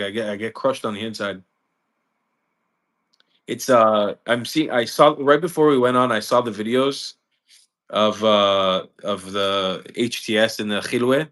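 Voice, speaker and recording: A man's voice: on the low side, fairly bright tone. A man hosting a live stream, speaking earnestly and with passion, often repeating words and restarting lines. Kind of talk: impassioned live-stream commentary.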